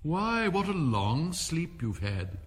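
A man voicing a kindly older sister who speaks gently and soothingly. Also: fairly high pitch, big pitch swings, takes it slowly, soft background music, pitched above the performer's own voice. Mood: gentle.

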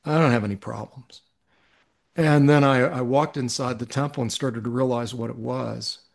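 Gravelly middle-aged man telling his story. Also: mid-range voice, steady tone, moderate pace. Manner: earnest, reflective, with frequent restarts. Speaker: podcast guest. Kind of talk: personal storytelling in conversation.

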